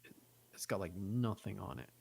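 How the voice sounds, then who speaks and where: A man with a low, gravelly voice talks on a podcast. He rambles loosely and chattily, piling on fillers as he tells his stories. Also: normal speed, darkish tone, slight background noise. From United States. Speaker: podcast guest. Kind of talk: casual podcast chat.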